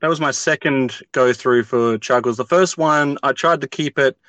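A man with an Australian accent chatting casually as a podcast guest. He speaks at a mid pitch, halting often with uhs and poking fun at himself. The recording is dry and close. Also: fairly bright tone, dry recording, lo-fi sound. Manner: hesitant, self-deprecating, many uhs. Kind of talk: casual chat.

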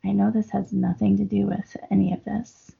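Female podcast co-host, casual and giggly, gravelly tone, dull lo-fi recording. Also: mid-range voice, little pitch movement, moderate pace. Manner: chatty, laughs often, lots of fillers. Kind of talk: casual book discussion.

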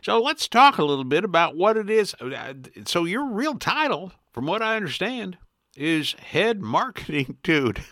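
A man's voice: sits high, a little slow, no echo, studio quality. A man hosting a podcast, chatting in a folksy, upbeat way as he introduces and interviews a guest. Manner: folksy, upbeat, lively intonation. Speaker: podcast host.

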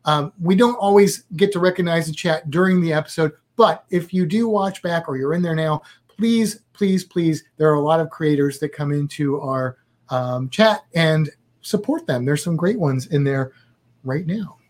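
A man's voice: on the high side, moderate pace, a little mellow. A man co-hosting a live podcast in a chatty, joking, upbeat way. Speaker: podcast co-host. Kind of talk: casual live podcast chat.

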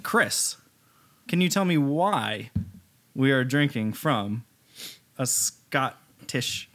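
A man co-hosting a podcast, full of banter and crude jokes. He swears freely and talks in an easy, casual way. His voice has a plain middle pitch. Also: animated, extremely slow, fairly bright tone. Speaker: podcast co-host.

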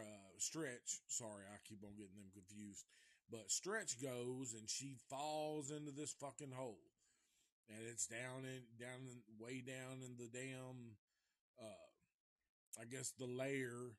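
A man casually recapping a movie live, rambling and profane, and chuckling often as he goes. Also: mid-range voice. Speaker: movie reviewer.

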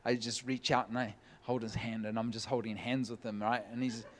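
A man preaching, telling a humorous personal story with lively, joking delivery. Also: mid-range voice, a little fast, slight background noise. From California. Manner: animated, jokey storytelling with laughs. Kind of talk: sermon storytelling.

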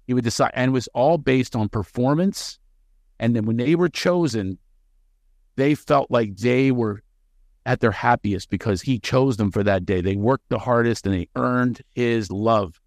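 A man who works as a comedian, a guest on a podcast, telling stories with energy and jumping into quick character voices. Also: mid-range voice, a little mellow, no echo, studio quality. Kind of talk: animated podcast storytelling.

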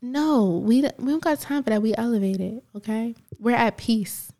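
A woman's voice: a little high, normal speed, dark tone. A woman from New Jersey co-hosting a podcast, telling personal stories in a casual, motivational way. She laughs often and acts out the other voices in her stories. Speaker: podcast co-host.

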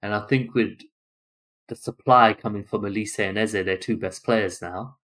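A man co-hosting a casual football podcast, talking through matches in quick, chatty runs of possibilities. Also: fairly low pitch, steady tone, fairly bright tone. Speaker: podcast co-host.

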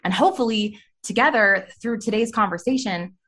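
A woman's voice: medium pitch, brisk. A woman in her thirties, a podcast guest candidly telling her personal story with lots of "like" and "you know". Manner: candid, animated storytelling with frequent "like". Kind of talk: personal testimony in a faith podcast interview.

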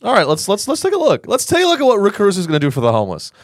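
A man's voice: sits high, huge pitch swings, very fast, dry recording, studio quality. A man co-hosting a podcast in casual chat, playful and hesitant, thinking aloud. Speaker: podcast co-host.

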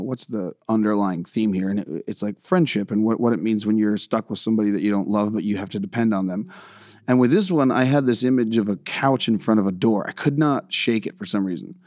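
A man's voice: lowish voice, darkish tone, dry recording, studio quality. A man guest on a podcast, talking about filmmaking in a rambling, self-deprecating way, swearing often and restarting his sentences. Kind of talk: casual podcast interview.

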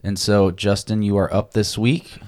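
A man co-hosting a casual podcast, easygoing in talk and measured when reading scripture aloud. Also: lowish voice, little pitch movement, a little mellow. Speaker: podcast co-host.

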